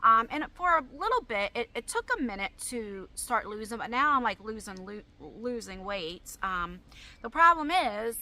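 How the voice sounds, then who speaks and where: A woman's voice: fairly high pitch, very animated, moderate pace, sharp tone. A woman vlogger answering viewer questions in a casual, rambling chat full of fillers. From New Jersey, US. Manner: chatty, rambling, frequent fillers. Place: at home.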